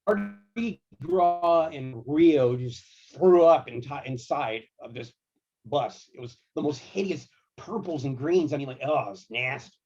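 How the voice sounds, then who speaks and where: A man working as a guitar tech, telling tour stories in a casual, slangy, animated way. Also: fairly high pitch, slow pace, dull audio. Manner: animated, laid-back, slangy. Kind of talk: casual storytelling.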